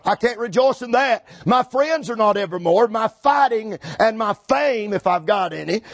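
A high-pitched preacher in full flow, hammering words again and again as he climbs toward shouting. The sound is dry and close, with almost no room around it. He sounds middle-aged. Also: a little slow, hardly any pauses, no echo. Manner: rhythmic, repetitive, builds to shouting. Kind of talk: fiery Pentecostal-style sermon.

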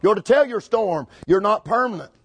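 Shouting preacher with a high voice. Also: male voice, expressive, normal speed, husky, no room sound. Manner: rhythmic, repetitive, builds to shouting. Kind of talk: fiery Pentecostal-style sermon.

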